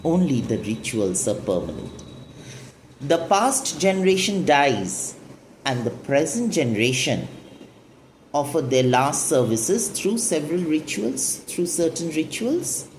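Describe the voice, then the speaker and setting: A woman's voice: low-pitched, very animated, unhurried, darkish tone, a little hiss or hum. A woman teaching a poetry lesson, explaining the lines and asking and answering her own questions. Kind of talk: literature lesson explaining a poem.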